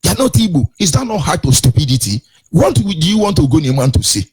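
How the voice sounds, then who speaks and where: A man's voice: on the high side, sing-song, brisk, darkish tone, breathy edge. A man with a Nigerian accent hosting a radio show, giving indignant commentary with repeated rhetorical questions and a sing-song lilt. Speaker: radio host.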